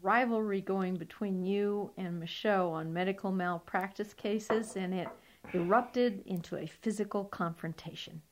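Female interviewer, mid-pitch, measured and hesitant. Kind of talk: interview question.

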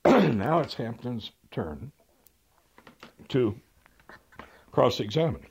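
An older man, a trial lawyer, telling courtroom stories in a dry, wry way, often clearing his throat. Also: mid-range voice, expressive, extremely slow. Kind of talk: anecdotal storytelling.

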